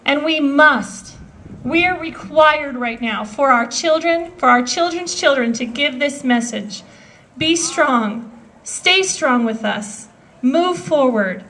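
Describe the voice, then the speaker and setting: A woman's voice: sits high, animated, takes it slowly, fairly bright tone, slight background noise, poor audio. A woman in her thirties giving an earnest, emotional speech at an outdoor political rally. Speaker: rally speaker.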